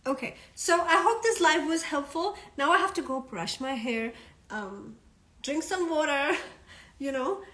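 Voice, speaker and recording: A woman's voice: sits high, lively intonation, measured pace, fairly bright tone. A woman coaching on a casual live stream, chatty and frank, swearing now and then and checking that listeners follow. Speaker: self-development coach.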